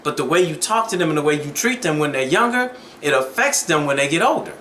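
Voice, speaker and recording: Bright-voiced man, echoey vlog. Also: fairly high pitch, expressive, fast, slight background noise. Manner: storytelling, preachy, conversational. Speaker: dating advice vlogger. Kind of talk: casual vlog monologue.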